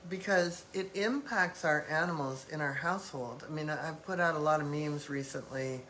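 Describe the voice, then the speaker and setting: A woman's voice: low voice, moderate pace, fairly bright tone, slight background noise, rough recording. A woman hosting a live-stream talk, speaking reflectively in loose phrasing with many fillers. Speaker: host.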